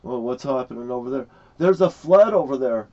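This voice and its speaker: A man's voice: mid-range voice, animated, fairly quick, a little mellow, lightly acted. A man doing his urgent young niece. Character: excited young woman, a niece. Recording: dull lo-fi recording.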